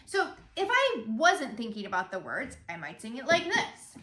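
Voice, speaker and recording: A woman's voice: on the high side, wildly swooping pitch, moderate pace. A woman singing teacher giving a vocal lesson, patiently speaking lyric lines aloud to show where the emphasis falls. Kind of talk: vocal lesson with spoken demonstrations. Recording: roomy, echoey room.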